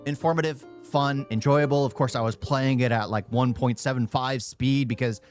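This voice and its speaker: A young man reacts to a video on stream in a loud, quick, stumbling ramble, stuttering and repeating phrases as he goes. His voice sits at a middle pitch, with faint music under it. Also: fairly even intonation. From United States. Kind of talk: casual reaction commentary.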